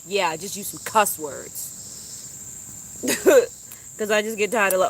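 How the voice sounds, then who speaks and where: Blunt, bright-voiced young woman venting. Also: mid-range voice, big pitch swings, moderate pace, slight background noise. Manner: blunt, heavy cussing. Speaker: YouTuber. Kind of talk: venting to a live stream chat.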